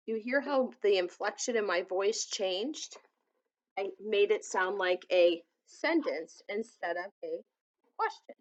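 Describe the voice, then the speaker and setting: A woman reading a children's picture book aloud, gently adding asides that explain things to young listeners. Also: mid-range voice, lively intonation, unhurried, highs cut off.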